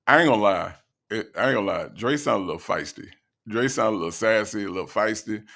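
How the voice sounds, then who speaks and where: A man from the American South hosting casual reaction commentary, animated and mocking, with a gravelly voice. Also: deep voice, brisk. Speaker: commentary channel host.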